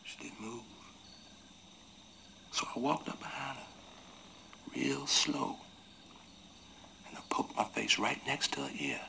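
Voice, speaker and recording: An actor playing a tender, remorseful runaway man on a raft, speaking in a rural Southern US dialect and telling his story slowly and from the heart, often sinking into hushed whispers. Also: medium pitch, steady tone, vocal fry, slight background noise, heavily acted. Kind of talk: 1980s TV film drama acting.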